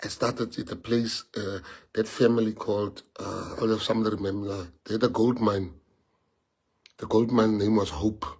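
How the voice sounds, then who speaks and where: This livestreamer is a South African man, Afrikaans by birth, with a lowish, breathy voice that keeps a steady tone at a moderate pace. Passion drives his monologue, which is packed with rhetorical questions and shifts from soft to loud.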